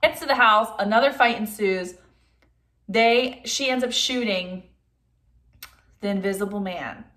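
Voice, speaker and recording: A young woman recaps a film plot in a loose, chatty vlog style. Her voice sits at an ordinary middle pitch, and "like" fills most of her sentences. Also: fairly bright tone. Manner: chatty, says "like" a lot; acts out characters' lines in quick voices. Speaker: movie reviewer.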